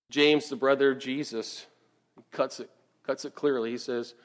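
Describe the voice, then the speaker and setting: A pastor preaching a conversational sermon in church, often checking in with the congregation with quick asides. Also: male voice, medium pitch, expressive. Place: church sanctuary.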